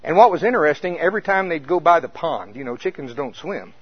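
A pastor telling a folksy story in a conversational sermon, with a casual manner. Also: male voice, a little high, sing-song, fast talker, slightly rough. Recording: muffled lo-fi recording.

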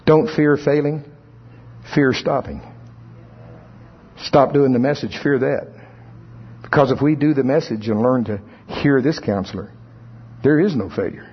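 A man's voice: medium pitch, measured pace, pauses often, slightly rough. A man preaching a sermon in a conversational way, sometimes acting out the voices of churchgoers. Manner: conversational, playfully acts out congregants' voices. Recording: dull lo-fi sound.

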